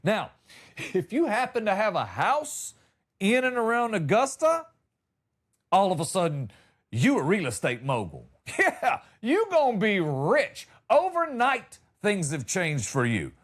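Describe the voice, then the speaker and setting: Animated man telling comic stories. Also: high voice, unhurried. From Georgia, US. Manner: animated, drawling, acts out voices. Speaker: comedian host. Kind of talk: comedic storytelling.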